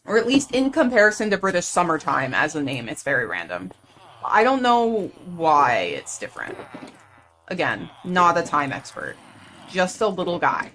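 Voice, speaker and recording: A woman's voice: lowish voice, wildly swooping pitch, moderate pace, a bit bright, a little hiss or hum. A young woman from the United States chatting casually and playfully on a live game stream, full of "like" fillers.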